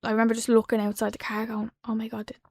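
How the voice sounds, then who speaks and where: A woman in her twenties with an Irish accent, a podcast guest telling a personal story in a soft, halting way that drops to a hush. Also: fairly high pitch, monotone, vocal fry, dry recording, studio quality. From Ireland. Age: 20s. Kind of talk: emotional personal account. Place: podcast studio.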